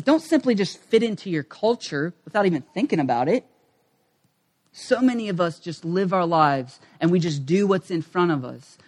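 A male pastor delivering a sermon with lively, animated energy. His voice swings between excited, raised moments and quiet, low-pitched stretches.

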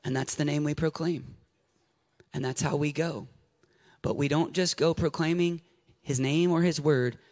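A man preaching a sermon, building to shouted passion and then easing into quiet storytelling. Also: on the high side, fairly even intonation, measured pace.

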